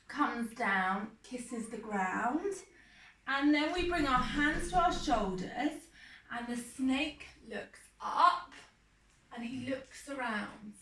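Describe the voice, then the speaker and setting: A woman with an English accent, a primary school teacher, gently guiding children through a yoga lesson with slow, step-by-step instructions. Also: on the high side. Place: indoor room. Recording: roomy, distant mic, faint noise.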